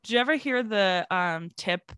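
A woman's voice: mid-range voice, lively intonation, normal speed, a bit bright, smooth, dry recording, studio quality. A woman co-hosting a podcast in casual chat, recapping a TV episode, laughing often and acting out quoted lines. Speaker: podcast co-host.

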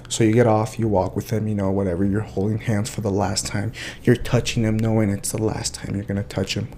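A young man co-hosting a casual podcast, telling stories with lively acted-out scenes and dropping the odd Spanish phrase. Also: fairly low pitch, fairly quick, hardly any pauses, slight background noise. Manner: animated storyteller, acts out scenes with voices. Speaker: podcast co-host.

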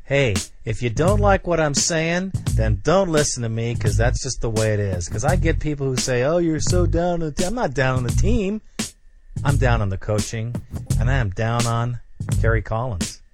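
A man's voice: mid-range voice, animated, moderate pace, over music. A man hosting a sports podcast, ranting bluntly and sarcastically about his team. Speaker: podcast host. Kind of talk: angry podcast rant.

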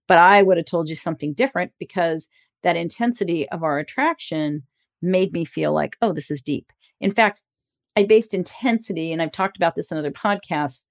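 Woman relationship coach hosting a solo podcast: frank and self-disclosing, loose casual delivery, swears easily. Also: on the low side.

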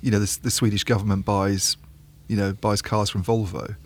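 A man's voice: on the low side, level tone, moderate pace. A man co-hosting a tech podcast, talking casually and thinking aloud. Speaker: podcast co-host.

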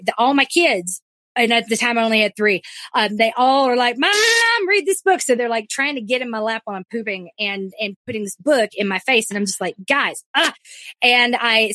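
A woman co-hosting a podcast tells a funny story in a lively, anecdotal way. She is quick and often restarts her sentences. Her voice is recorded close and dry, with no room sound. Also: medium pitch, dry recording. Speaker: podcast co-host. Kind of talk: casual storytelling chat.

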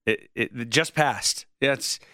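A man's voice: medium pitch, unhurried, bright, forceful tone, clear, resonant tone, no echo, clean studio sound. A man in his forties hosting an interview, asking questions with curiosity and laughing easily. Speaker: podcast host. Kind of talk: casual interview chat.

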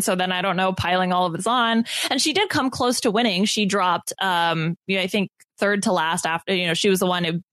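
A woman's voice: medium pitch, no room sound. A woman co-hosting a podcast, chatting casually and laughing often as she recaps a reality show. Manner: giggly, animated storytelling. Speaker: podcast co-host.

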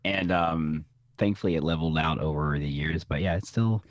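A man's voice: a bass voice, moderate pace, no echo, studio quality. A man co-hosting a podcast, easygoing and laughing often, trailing off mid-sentence. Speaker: podcast co-host. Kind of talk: casual chat.

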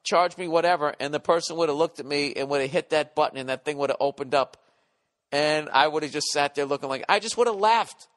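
A man hosting a podcast, telling a profane comic story in an animated, mock-ranting way. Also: a little high, fast talker, long reverb tail. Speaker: podcast host.

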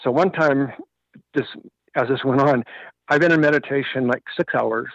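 A man's voice: mid-range voice, moderate pace, dry recording. A man telling a personal story as a radio guest, earnest and moved, on dull lo-fi radio audio.

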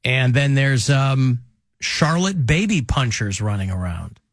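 A man hosting a radio talk show, chatting casually with rambling, animated asides. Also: medium pitch, a little slow, no echo, studio quality. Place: radio studio.

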